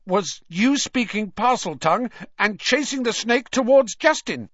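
A nervous, stubborn young wizard, put on by a man, speaks in a raised, lively voice, solemn and conspiratorial, with his voice dropping to a hush. The storybook recording is dry and a little muffled. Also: high-pitched, moderate pace, dry recording, voice pushed up, full character voice. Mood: defensive. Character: fearful, stubborn pure-blood schoolboy wizard. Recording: dry, slightly muffled audio.

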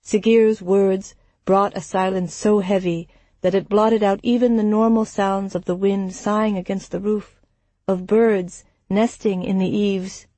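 A woman narrates with slow, measured storytelling. The recording is dry and close, with her voice at a middle pitch. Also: flat delivery, mellow, no room sound. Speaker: audiobook narrator. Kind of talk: scripted narration.

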